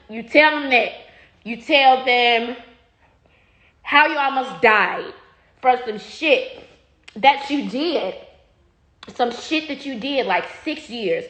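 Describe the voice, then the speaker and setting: A woman's voice: high-pitched, fairly bright tone. A woman talking casually straight to her followers, blunt and profane, repeating herself when riled. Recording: echoey room.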